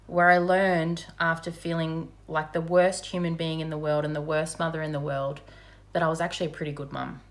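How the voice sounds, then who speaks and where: A woman telling her personal story in a frank, conversational way, with many fillers. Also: sits low. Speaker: mother sharing her recovery story. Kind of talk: candid personal testimony.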